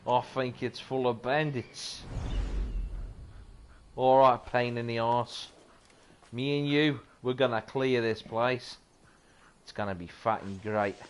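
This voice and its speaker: A young man casually commentating while he plays a video game, yelling at the screen and chuckling. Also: medium pitch, a little hiss or hum. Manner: animated, yells at the game, chuckles often. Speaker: gaming channel host. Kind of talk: casual let's-play commentary.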